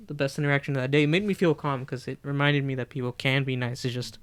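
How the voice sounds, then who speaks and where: A man's voice: mid-range voice, fairly even intonation, fast talker, smooth, no echo. A man co-hosting a podcast in casual chat, telling a work story steadily and giving short agreeing replies. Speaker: podcast co-host.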